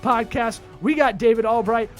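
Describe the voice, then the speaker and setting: Loud joking man reading podcast ads. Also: very high voice, normal speed, soft background music. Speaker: podcast host. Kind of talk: comedic podcast banter and ad reads.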